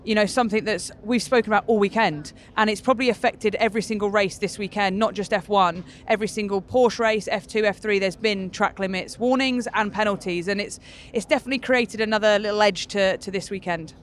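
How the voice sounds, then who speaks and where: A woman's voice: mid-range voice, fairly quick, a little hiss or hum. Enthusiastic woman chatting trackside. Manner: enthusiastic, animated storytelling. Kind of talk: casual trackside chat. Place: outdoors in a racing paddock.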